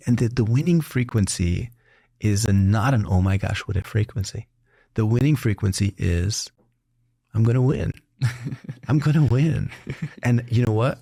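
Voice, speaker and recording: A man's voice: fairly low pitch, dry recording, studio quality. A middle-aged man hosting a casual interview, telling stories with lots of laughter and acting out the voices of people he quotes. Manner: animated storyteller who laughs often and acts out quotes. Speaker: doctor and podcast host.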